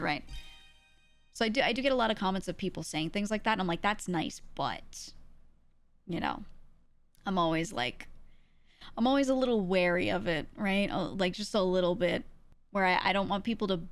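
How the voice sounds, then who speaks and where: A woman streamer chatting casually with viewers in a measured, even way, using casual slang and laughing often. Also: mid-range voice, no echo.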